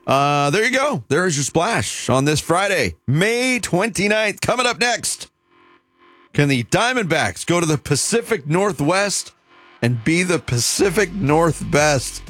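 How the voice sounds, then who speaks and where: A man hosting a morning sports radio show, reading headlines briskly and bantering with his co-hosts. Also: fairly high pitch, big pitch swings, a bit bright, soft background music.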